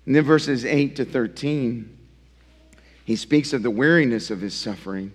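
A male pastor preaching a sermon, emphatic and swinging from loud to hushed, often asking his listeners direct questions. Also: medium pitch, normal speed, husky. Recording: long reverb of a large hall.

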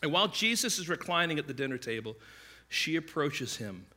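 A man preaching a sermon, telling stories in a conversational way and acting out the voices of the people in them. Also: on the high side. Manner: conversational, animated storytelling with quick asides; acts out quoted voices. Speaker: pastor.

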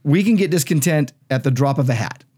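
A man's voice: fairly high pitch, expressive, a little fast, mellow, husky. A man, a pastor and podcast co-host, explaining Bible verses in an emphatic, conversational teaching style. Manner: emphatic, explanatory, reads scripture aloud.

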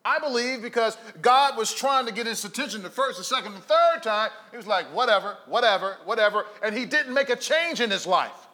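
A man preaching a sermon as pastor, telling stories and swinging between hushed, low passages and emphatic calls to the congregation. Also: animated, brisk, hardly any pauses.

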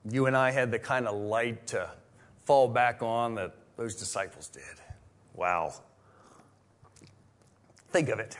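A man preaching a sermon in a conversational way, full of restarts, swinging from loud exclamations to hushed whispers. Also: mid-range voice. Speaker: pastor.

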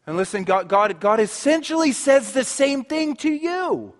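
A man preaching a sermon as pastor, swinging between emphatic passages and soft, hushed ones, and repeating words as he builds a point. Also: extremely high pitch, sing-song, moderate pace, hardly any pauses, long reverb tail.

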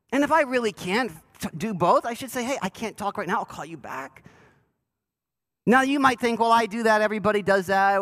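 A man's voice: high voice, fairly bright tone, low-quality recording. A man preaching a sermon to his church in a conversational, self-deprecating way, asking the congregation questions. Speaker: pastor. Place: church sanctuary.

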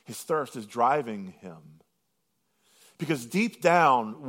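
A man delivering a sermon in a slightly higher voice, rising to loud declarations and then dropping to a hushed, intense murmur. He lingers slowly over scripture lines for emphasis. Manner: dramatic swings between loud proclamation and hushed intensity. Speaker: pastor.

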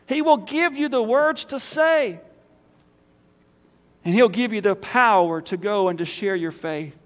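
A man preaching a sermon as pastor, emphatic, swinging between loud calls and quiet appeals. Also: sits high, lively intonation, measured pace. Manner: emphatic, rising to loud calls then dropping soft for prayer. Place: church sanctuary. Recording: church hall reverb.

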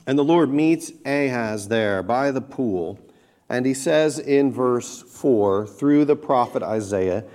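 A man preaching a sermon, earnestly explaining scripture and slowing down and growing louder when he quotes it. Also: mid-range voice, animated.

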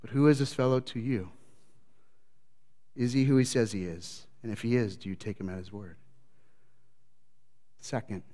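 Animated male pastor in a reverberant hall. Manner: swings from loud animated retelling to low quiet reflection. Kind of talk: sermon. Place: church sanctuary. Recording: long church reverb.

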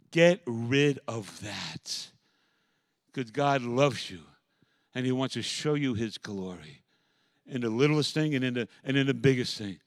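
A man preaching a sermon as pastor, moving from quiet, reflective passages to loud, impassioned calls. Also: medium pitch, no echo.

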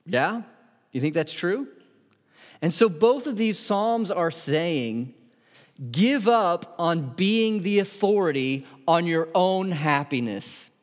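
Animated man preaching in an echoey hall. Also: sits high, takes it slowly. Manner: conversational, animated preaching with asides and acted-out quotes. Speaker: pastor. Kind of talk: sermon.

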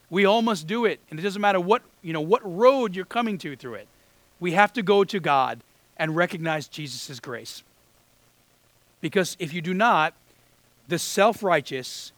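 A man's voice: high-pitched, fairly bright tone, no room sound. Man preaching in a conversational way. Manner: conversational preaching, acts out quoted voices. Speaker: pastor. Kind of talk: sermon.

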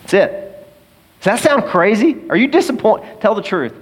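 Emphatic preaching pastor in a reverberant hall. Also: male voice, high voice, sing-song, normal speed, husky. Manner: emphatic preaching with rhetorical questions and swings in loudness. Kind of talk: sermon. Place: large auditorium.

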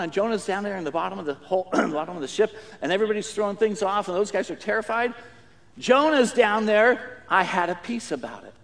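Man, middle-aged pastor, higher voice, emphatic sermon delivery with acted quotes.

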